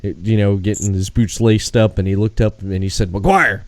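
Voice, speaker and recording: A man hosting a casual podcast, with a low voice recorded close and dry. He wanders through his stories, restarting his sentences as he goes. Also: fairly even intonation, moderate pace, dry recording. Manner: rambling anecdotes with restarts. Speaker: podcast host. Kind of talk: casual chat.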